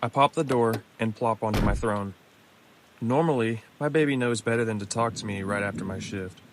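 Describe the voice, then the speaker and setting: A man reading scripted horror stories aloud in a measured, low-key way. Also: background noise. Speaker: narrator. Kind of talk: scripted horror story narration. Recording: music clearly behind the voice.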